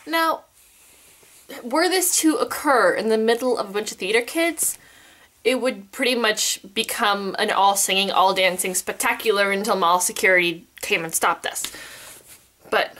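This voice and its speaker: A woman's voice: medium pitch, normal speed, bright, forceful tone. A teenage girl vlogging in casual chat, telling stories in a bubbly, theatrical way.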